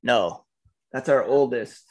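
A man's voice: mid-range voice, takes it slowly, crowd noise. Casual male podcast host, reads ads then chats. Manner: easygoing, chatty. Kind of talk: ad read and casual chat. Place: home with children nearby.

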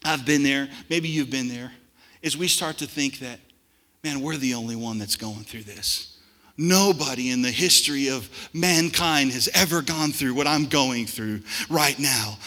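Fiery preacher in a big echoing hall. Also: male voice, medium pitch, a little slow. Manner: dynamic preaching, swings from hushed to shouting. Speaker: pastor. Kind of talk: sermon. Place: church sanctuary.

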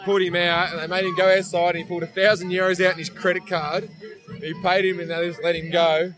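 A man's voice: high-pitched, level tone, fast talker, music in the background. A man, telling a travel story in a rambling, casual way and swearing freely. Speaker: guest.

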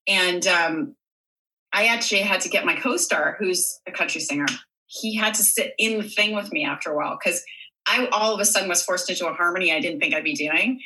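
A woman's voice: lowish voice, fairly quick, pushed and bright, a little hiss or hum, poor audio. A woman from Canada, a guest in a casual chat, talking freely with fillers and easy laughs. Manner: chatty, laughs easily, lots of fillers.

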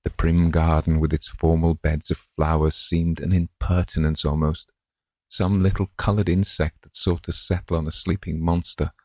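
Male audiobook narrator, deep and creaky, dry close mic. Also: flat delivery, normal speed, a little mellow, no room sound. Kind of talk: scripted narration.

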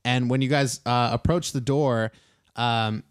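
A man's voice: medium pitch, fairly even intonation, a little slow, clear, resonant tone, no room sound, clean studio sound. Hesitant young man running a tabletop game. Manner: hesitant, many ums and uhs. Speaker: game master.

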